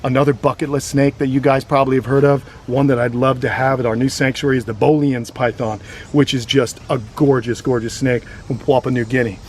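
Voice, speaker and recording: A man's voice: mid-range voice, little pitch movement, a little fast, a little hiss or hum. A man hosting a casual educational vlog outdoors on a grassy lawn, explaining reptiles with chatty enthusiasm. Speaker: reptile sanctuary host.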